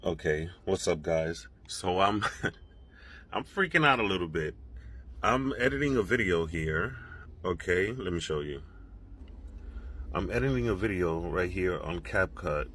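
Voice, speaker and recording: A man's voice: deep voice, slow pace, slight background noise. A man telling a story into his own camera at home, rattled and rambling, with many restarts. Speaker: social media creator. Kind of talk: casual self-recorded video.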